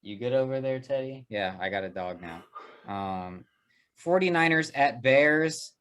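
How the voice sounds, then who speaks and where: A man hosting a casual sports podcast, leading the picks with quick, teasing banter. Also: medium pitch, expressive, fairly bright tone, clear, resonant tone. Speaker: podcast host.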